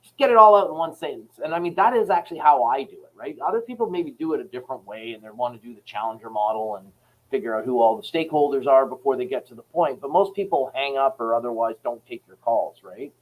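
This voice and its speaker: In a low-quality recording, a mid-range male voice talks fast. The speaker, a Canadian author who leads a sales company, is a podcast guest in a casual interview, speaking frankly, wandering off topic and acting out phone calls as he recounts stories.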